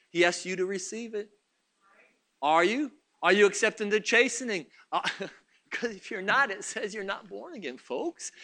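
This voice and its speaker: A man preaching a sermon, dropping to hushed murmurs and then rising to excited shouts, repeating phrases for emphasis. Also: sits high, moderate pace.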